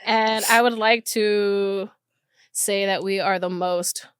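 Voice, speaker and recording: A woman's voice: medium pitch, takes it slowly, clear, resonant tone, no echo, clean studio sound. A young adult woman hosting a podcast, chatting casually with her cousin, swearing often and laughing easily. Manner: swearing, giggly, animated. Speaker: podcast host. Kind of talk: casual chat.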